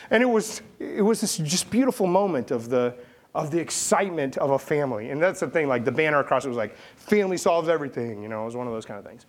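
Male pastor, a little higher-pitched than most men, very lively and expressive delivery, preaching with storytelling flair. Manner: animated storytelling, acting out voices with big pitch swings. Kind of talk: sermon.

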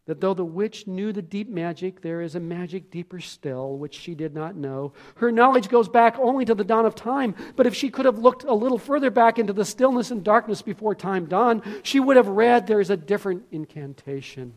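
Majestic lion Aslan, read by a preacher. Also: male voice, high voice, lively intonation, brisk, hardly any pauses, pitched above the performer's own voice. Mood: solemn. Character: great male lion, calm and majestic. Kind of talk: sermon reading.

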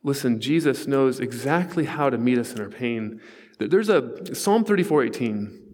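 A man's voice: medium pitch, lively intonation, normal speed, a little mellow, long reverb tail. A man in his forties preaching a sermon, telling stories in an earnest, conversational way with asides to the congregation. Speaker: pastor. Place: church sanctuary.

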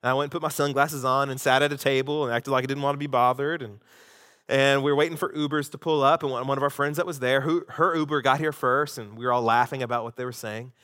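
A man pastor preaching a sermon, swinging between loud emphasis and hushed asides. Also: mid-range voice, fairly even intonation, fast talker, long reverb tail.

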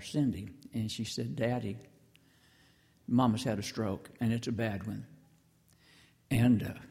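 Older pastor, mid-pitched, homespun and stumbling, with a long church-hall reverb. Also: male voice, creaky, warm tone. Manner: folksy, halting, many restarts and asides to the congregation. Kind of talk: sermon. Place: church sanctuary.

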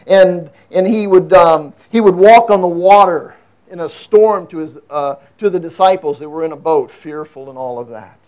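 An earnest male preacher with a fairly high voice delivers a sermon. He climbs into loud, emphatic stretches, then sinks back to low, hushed asides. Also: moderate pace.

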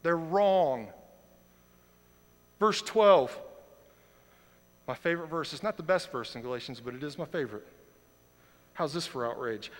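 A man's voice: on the high side, animated, measured pace, pauses often. Impassioned man preaching in a reverberant hall. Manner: impassioned, swings from quiet to loud outrage. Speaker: pastor. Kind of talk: sermon. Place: church sanctuary. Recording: long reverb of a large hall.

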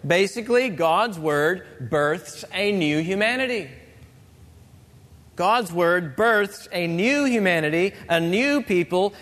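A pastor gives an earnest, measured sermon. His voice sits a little high for a man. The church sanctuary leaves a long reverb trailing after each phrase. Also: a bit bright. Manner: earnest, measured preaching with pauses.

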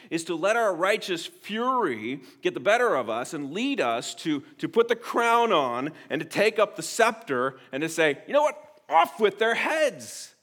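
Earnest and emphatic, a high-voiced pastor delivers a sermon, frequently starting phrases over and shifting back and forth between soft and loud.

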